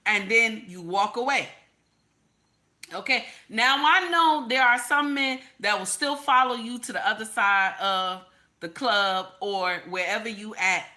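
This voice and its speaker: A woman chats on a livestream, emphatic and sassy, circling back to repeat her points. Her voice sits on the higher side and comes across bright and forceful. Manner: emphatic, repetitive, sassy, reads viewer comments. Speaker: commentary streamer. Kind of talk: livestream commentary chat.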